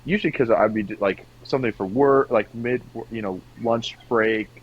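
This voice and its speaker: A man's voice: mid-range voice, normal speed, dull audio, a little hiss or hum. A young man from co-hosting a podcast, chatting casually and now and then slipping into silly put-on voices. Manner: animated, slips into silly put-on accents. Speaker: podcast co-host. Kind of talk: casual chat.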